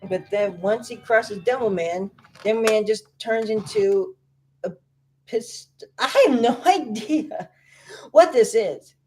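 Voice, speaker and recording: A woman's voice: on the high side, lively intonation, slow, a little mellow, faint music behind. A woman giving casual reaction commentary on a video, rambling and guessing aloud with many fillers.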